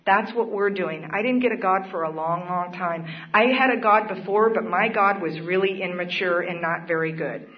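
A woman speaking at a recovery meeting, sharing her own story in an earnest, plainspoken way with occasional laughs. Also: mid-range voice. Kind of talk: personal testimony at a support meeting. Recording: dull lo-fi recording.

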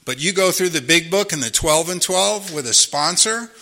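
A man's voice: on the high side, expressive, moderate pace, pushed and bright. A man in his fifties or older giving an earnest personal testimony at a recovery meeting, telling stories and often asking "you know?". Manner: earnest storytelling, repeats himself, frequent "you know?".

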